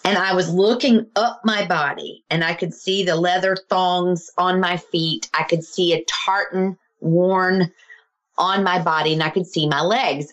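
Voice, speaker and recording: A middle-aged woman, a healer, earnestly telling a personal story in conversation and acting out the voices of the people in it. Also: deep voice. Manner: earnest, animated, acts out quoted voices.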